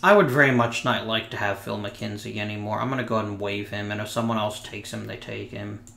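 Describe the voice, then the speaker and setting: A man's voice: lowish voice, fairly even intonation, fast, gravelly, a bit bright, reverberant. A man hosting a casual let's play, giving wry commentary with muttered asides to himself.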